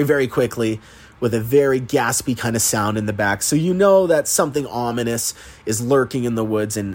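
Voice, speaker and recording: Male podcast host, mid-range voice, loose and profane plot recap. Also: medium pitch. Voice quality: chatty, profane, laughs at the plot. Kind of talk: casual movie recap.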